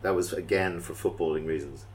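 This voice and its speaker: A male podcast host with a very low, deep voice, steering a playful mock interview. He teases in a deadpan tone, pausing with fillers between thoughts. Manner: deadpan teasing, pauses with fillers.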